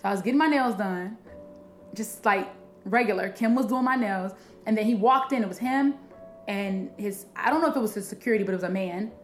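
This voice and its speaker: A woman comedian from Illinois, telling a story in animated, profane casual chat. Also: mid-range voice, fairly quick, echoey room, soft background music. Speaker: comedian guest.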